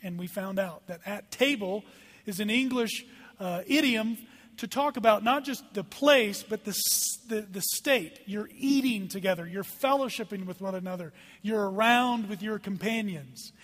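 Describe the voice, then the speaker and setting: Pastor, male, lively emphatic sermon, high voice, hall reverb. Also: moderate pace. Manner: animated, emphatic preaching with dramatic drops to hushed tones.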